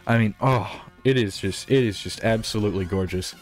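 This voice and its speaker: A man with a fairly low voice talks through his gameplay in a loose, rambling way. He trips over his own words and swears freely, with faint music playing underneath. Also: brisk. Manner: rambling, profane, self-interrupting. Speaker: gaming commentator. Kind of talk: casual gameplay commentary.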